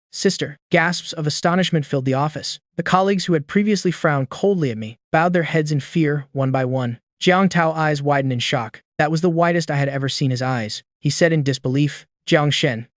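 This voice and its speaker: A man reading a story aloud in an even, steady narration, with the dialogue read in the same voice. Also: on the high side, dry recording, clean studio sound.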